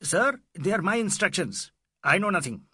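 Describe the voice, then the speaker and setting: A man voicing a shrill, nervous male police inspector who speaks in a fussy, wailing way. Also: sing-song, normal speed, sharp tone, slightly rough, no room sound, clean studio sound, heavily acted. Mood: anxious. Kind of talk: audiobook character voice.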